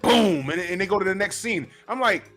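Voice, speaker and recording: A middle-aged man hosting a casual chat about old cartoons. He tells stories in an animated way, acting out his own reactions, and repeats words and uses fillers often. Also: sits high, normal speed, faint music behind. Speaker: host.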